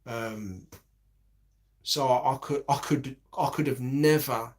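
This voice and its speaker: A man's voice: medium pitch, takes it slowly. A man in his forties, rambling in a casual monologue with heavy swearing and many restarts.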